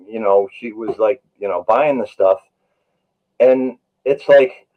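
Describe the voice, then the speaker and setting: Brief: male paramedic guest, mid-pitch, earnest anecdotal storyteller, slightly muffled lo-fi recording. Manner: earnest, anecdotal, many "you know" fillers. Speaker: paramedic and author, interview guest. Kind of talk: storytelling in a podcast interview.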